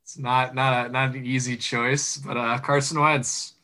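Bright-voiced young man talking sports. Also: medium pitch, level tone, a little slow. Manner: joking, sarcastic, laughs often. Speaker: sports podcast co-host. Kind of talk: casual sports chat.

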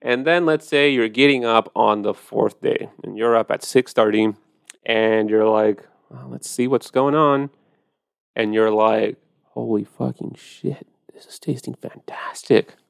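Man, podcast host, casual wine talk, gravelly, low, animated, profane. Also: measured pace, no room sound, clean studio sound.

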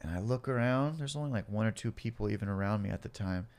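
A man's voice: on the low side, quick pace. Profane man telling a wild story. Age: late 20s or older. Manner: profane, animated, acts out cops and himself. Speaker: guest telling his life story. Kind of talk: casual storytelling interview.

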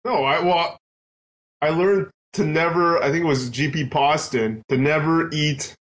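A man's voice: a little high, measured pace. A man chatting on a podcast, telling a self-deprecating story and chuckling along. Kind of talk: casual chat.

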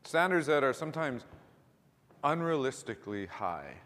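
A man's voice: medium pitch, very animated, moderate pace, a bit bright. Middle-aged male pastor, chatty sermon with restarts, mid-range voice, long hall reverb. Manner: conversational, with repeated words and asides.

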